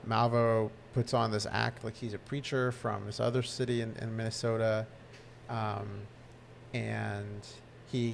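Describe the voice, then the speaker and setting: A man's voice: mid-range voice, creaky, a little hiss or hum. A man co-hosting a podcast, chatting casually and retelling a favorite scene with restarts and fillers. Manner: animated storytelling with restarts. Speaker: podcast co-host. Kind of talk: casual recap chat.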